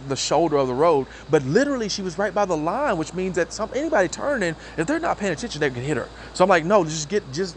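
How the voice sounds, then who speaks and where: Man vlogging outdoors with faint traffic noise behind him; lively storyteller who repeats words, voice on the higher side. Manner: animated, repeats words while telling a story. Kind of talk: casual storytelling monologue.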